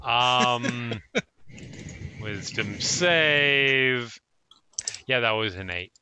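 A man's voice: medium pitch, very slow, bright, forceful tone, clean tone. A man running a tabletop game as dungeon master, narrating with amusement and frequent laughs.

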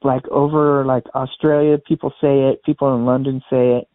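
A man co-hosting a podcast, chatting casually about a rock album and retelling studio stories, sometimes quoting people in quick put-on voices. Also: mid-range voice, no echo. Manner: relaxed storyteller, quotes others in small put-on voices. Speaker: podcast co-host. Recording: dry, thin phone-like sound.

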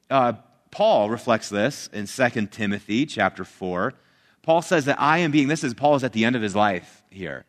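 A man preaching a sermon in a relaxed, conversational way, retelling scripture in his own animated words. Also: medium pitch, normal speed. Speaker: pastor. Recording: hall reverb.

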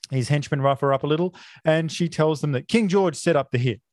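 A man's voice: on the high side, fairly quick, a little mellow, dry recording, studio quality. A man, a podcast co-host, casually recapping a film plot, full of filler uhs and offhand swearing.

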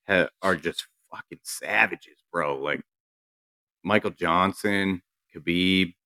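A man's voice: sits low, slow, pushed and bright, dry recording, studio quality. A man from Maine co-hosting a podcast, talking bluntly and profanely in casual chat. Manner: blunt, profane fight-fan banter. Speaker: podcast co-host.

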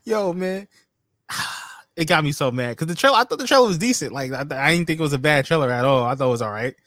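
A man with a high voice that swings widely as he rants and laughs through casual podcast banter. The sound is dry and close, with no room around it. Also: quick pace, no room sound. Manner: animated, laughing, exasperated ranting. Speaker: podcast co-host.

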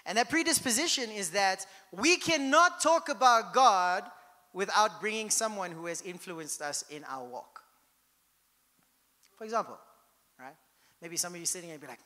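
A man's voice: sits high, normal speed, pushed and bright, in a large hall. A man preaching a sermon as pastor, in a conversational style that keeps checking in with the congregation.

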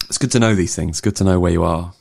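A man's voice: sits low, quick pace, creaky. A man hosting a casual podcast chat, often restarting his sentences. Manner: hesitant, restarts, lively. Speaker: podcast host.

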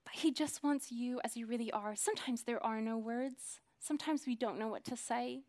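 A woman in her thirties preaching a sermon, earnest, dropping to hushed whispers and then rising to emphatic swells. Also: a little high, moderate pace.

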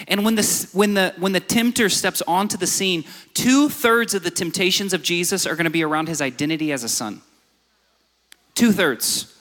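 A man's voice: sits high, pushed and bright. Man preaching in a reverberant hall. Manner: storytelling, builds to emphatic exhortation. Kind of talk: sermon.

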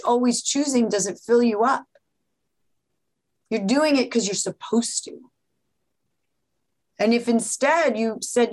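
A woman from New York, a physician guest in a podcast interview, explaining things in an animated way with examples and quotes. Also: fairly high pitch, low-quality recording.

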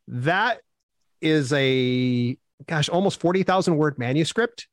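Man, mid-pitched voice, upbeat, animated storytelling, dry close sound. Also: dry recording. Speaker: self-publishing expert guest. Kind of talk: casual interview answers.

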